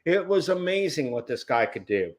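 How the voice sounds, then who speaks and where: A man chatting casually on a group video chat show, telling animated stories, acting out the people he quotes and often restarting his words. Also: a little high, normal speed. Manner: self-interrupting, repeats words.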